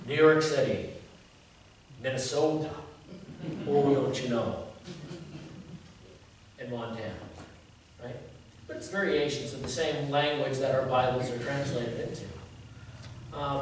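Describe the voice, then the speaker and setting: A man in his fifties, a pastor giving a conversational sermon, folksy and joking, often asking the congregation rhetorical questions. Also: a little high. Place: church sanctuary. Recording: very echoey church from a distance, faint noise.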